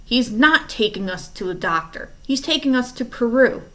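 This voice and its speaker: A woman's voice: fairly high pitch, expressive, moderate pace, pitched above the performer's own voice, lightly acted. A woman reading aloud, voicing an anxious, clever teenage boy who speaks urgently.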